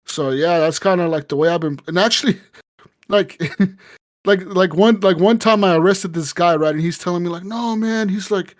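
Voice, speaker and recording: A man co-hosting a casual podcast, swearing freely and acting out every character as he tells the story. His voice sits on the higher side for a man. The delivery is loose, animated and full of fillers. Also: moderate pace. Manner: profane, animated storytelling, acts out quotes. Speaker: podcast co-host. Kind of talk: casual chat.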